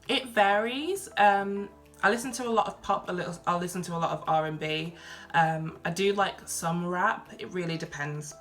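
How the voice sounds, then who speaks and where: A young woman from Birmingham with a softened Brummie accent, chatting casually through a Q&A vlog, reading each question aloud and answering with lots of ums and likes. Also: lowish voice, normal speed, soft background music. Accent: Birmingham English, softened. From Birmingham, England. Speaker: vlogger.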